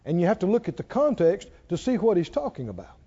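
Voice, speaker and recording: A man preaching a sermon in a folksy, emphatic way that builds to shouting, recorded with dull lo-fi sound. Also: sits high, wildly swooping pitch, fast talker, breathy edge.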